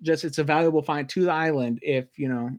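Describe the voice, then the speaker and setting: A man's voice: fairly high pitch, fairly quick, dry recording. Male co-host, casual recap chatter, rants easily, dry close sound. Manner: animated, rants with filler words. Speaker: podcast co-host. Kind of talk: casual chat recapping a TV episode.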